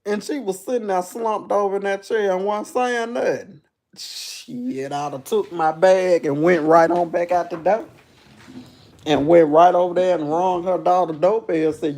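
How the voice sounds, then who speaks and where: Gravelly woman host rambling on a live stream. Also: steady tone, normal speed. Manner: repetitive, rambling, folksy endearments like baby and honey; swings from low and subdued to loud high bursts when retelling. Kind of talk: casual live stream storytelling.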